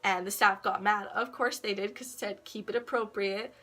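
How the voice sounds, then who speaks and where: A teenage girl talks straight to camera in a loose, rambling way, cursing casually and slipping into quoted voices. Her voice is bright and forward, sitting at an ordinary pitch for a young woman. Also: fairly even intonation, normal speed. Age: teens. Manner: rambling, swearing, laughs often, acts out quotes. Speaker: vlogger. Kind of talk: casual storytelling vlog.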